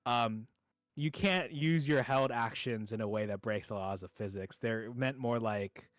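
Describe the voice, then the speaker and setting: A man's voice: medium pitch, unhurried, no echo. A young man running a tabletop game as dungeon master, rambling through his narration with many fillers and restarts.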